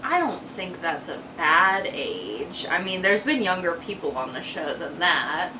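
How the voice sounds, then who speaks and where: A woman's voice: on the low side, sing-song, unhurried. A woman co-hosting a casual TV recap, chiming in with short remarks and laughing along. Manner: chimes in briefly, laughs along. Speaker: co-host of a TV recap channel. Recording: distant mic with noisy background.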